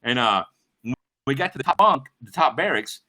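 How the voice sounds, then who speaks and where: A middle-aged man rambles through a story on his livestream, swearing freely and breaking off to greet chat. His voice is bright and forward, swinging widely up and down in pitch. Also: animated, a little fast. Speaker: livestream host.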